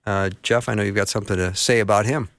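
Low-voiced folksy radio host, man. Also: steady tone, fast, fairly bright tone, no room sound. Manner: folksy, joking, upbeat. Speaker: radio talk show host. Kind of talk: Christian talk radio. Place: radio studio. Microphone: studio microphone.

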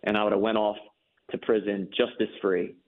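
A man's voice: fairly low pitch, flat delivery, fairly quick. A man telling his personal story as an interview guest, earnest and emphatic, repeating words when moved. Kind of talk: personal testimony in a faith interview. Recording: phone-line audio.

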